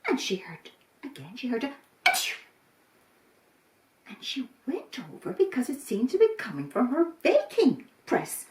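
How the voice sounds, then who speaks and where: A woman reads a children's story with a lively, sing-song delivery and dramatic pauses. She speaks slowly in a fairly high voice. The sound is roomy and set back from the mic. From Ireland. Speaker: storyteller, volunteer. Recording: roomy, from a distance.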